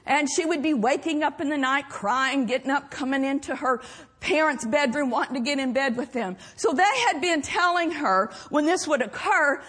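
High-voiced older woman preaching. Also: moderate pace, fairly bright tone. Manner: storytelling, laughing, earnest. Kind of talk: sermon with personal anecdotes.

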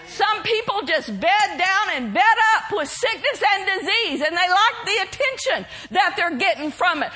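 A woman preacher delivering a sermon, bold and emphatic, breaking into shouted declarations. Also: very high voice, animated, measured pace.

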